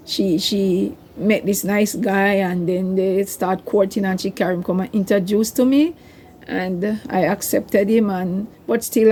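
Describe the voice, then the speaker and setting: Older woman, mellow voice. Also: medium pitch. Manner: emotional, rambling, tearful at times. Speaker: vlogger. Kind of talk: personal storytelling to camera.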